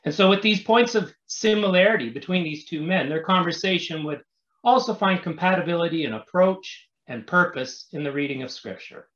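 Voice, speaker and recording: A pastor presents an academic paper, reading it aloud in a measured, scholarly manner. His voice sits fairly high for a man. The recording is roomy and dull. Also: a bit bright. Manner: measured, scholarly delivery with occasional restarts. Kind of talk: formal reading of a prepared paper.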